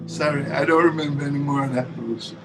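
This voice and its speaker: A man's voice: a little high, steady tone, fast, rough recording. A man from Jamaica, a musician guest talking hesitantly with many fillers between songs. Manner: soft-spoken, hesitant speech with many fillers. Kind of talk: casual chat and singing with guitar. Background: acoustic guitar.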